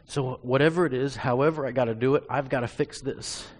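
A man's voice: medium pitch, fairly even intonation, fairly quick, darkish tone. A man preaching a sermon, telling a personal testimony in an earnest, confessional storytelling way.

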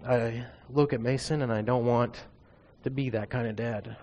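A man's voice: mid-range voice, steady tone, normal speed, a little mellow. A man preaching a sermon, telling a personal testimony in an earnest, confessional storytelling way.

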